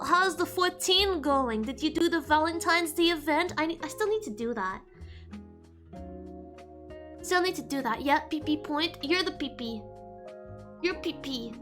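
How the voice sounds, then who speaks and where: A woman VTuber streamer chatting casually and playfully with her viewers, giggling often. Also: high-pitched. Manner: giggly and playful, reacting to chat. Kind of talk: casual livestream chat with viewers. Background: faint lo-fi background music.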